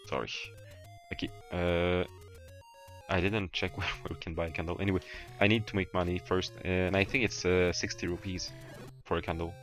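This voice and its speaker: A man with a Québécois French accent talks in a very low, deep voice during a casual gaming livestream. He rambles in English, stopping and restarting his sentences with plenty of fillers. Faint game music plays underneath. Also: level tone, moderate pace, a bit bright. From Quebec, Canada. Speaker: streamer.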